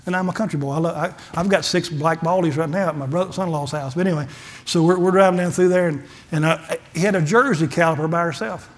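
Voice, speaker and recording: A higher-pitched middle-aged man with a drawl preaches a testimony sermon from the pulpit. He tells folksy stories in a plain, conversational way and acts out both sides of the conversations. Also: fast talker. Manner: folksy storytelling, acts out dialogue, gets emotional. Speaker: pastor.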